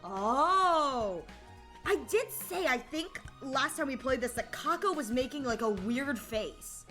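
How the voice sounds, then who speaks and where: Giggly high-voiced young woman streamer. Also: expressive, slow, bright, forceful tone, faint music behind. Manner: giggly, playful, chatty with chat. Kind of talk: casual gameplay commentary.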